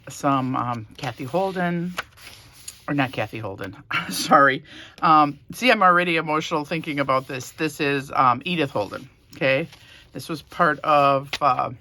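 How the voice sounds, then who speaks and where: A woman vlogger casually showing a handmade journal, soft-spoken and a little emotional, rambling with fillers. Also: low-pitched, slight background noise. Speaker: crafting vlogger. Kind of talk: casual show-and-tell.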